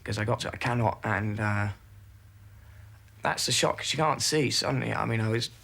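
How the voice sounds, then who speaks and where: A man, a former military airman, recalling events haltingly in a documentary interview, with many pauses and fillers. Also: lowish voice, gravelly, pushed and bright.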